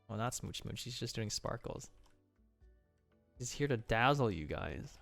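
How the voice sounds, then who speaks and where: A man's voice: medium pitch, lively intonation, unhurried, vocal fry, long pauses, a bit bright, soft background music. A man casually breaking down animation on a stream, enthusiastic with playful exclamations.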